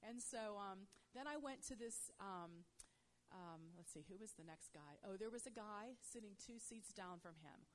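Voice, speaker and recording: A woman of mid pitch telling a lively faith testimony to a host. She talks conversationally, sprinkling in "you know", and her voice climbs loud and high when the story excites her. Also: normal speed, a little hiss or hum.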